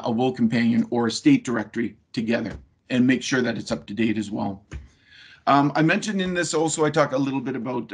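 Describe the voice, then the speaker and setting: A man speaking in a webinar about his experience as executor, halting with fillers and restarts. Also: medium pitch, breathy edge. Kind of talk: casual webinar talk.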